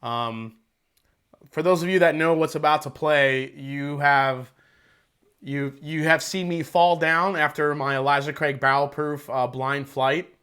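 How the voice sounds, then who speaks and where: A man with a slightly high voice chats loosely through a casual livestream from home. He rambles as he thinks aloud and curses freely. His wireless mic sits close and picks up every aside. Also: fairly even intonation, a little slow, fairly bright tone, clear, resonant tone. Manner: loose, chatty, rambling, swears and laughs easily. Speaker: whiskey reviewer hosting a livestream. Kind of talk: casual livestream tasting chat. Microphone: wireless microphone with battery pack.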